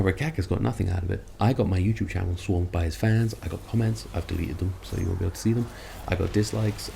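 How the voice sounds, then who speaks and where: A man's voice: low-pitched, vocal fry, dark tone, a little hiss or hum. A man who makes online videos, ranting about other creators in a sarcastic, rambling, self-mocking way. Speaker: content creator. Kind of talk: ranting commentary vlog.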